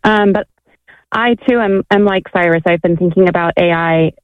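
A woman from California calls in to a radio show and tells her story in a chatty, rambling way full of fillers. Her voice is lowish and she speaks at normal speed over a tinny phone line with no room sound.

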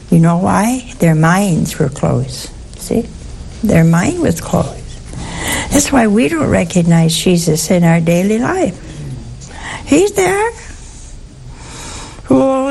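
Woman leading a bible study, slow easy talk, keeps asking the group questions, faint background hiss. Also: medium pitch, gravelly, a little mellow. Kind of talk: informal Bible teaching to a group.

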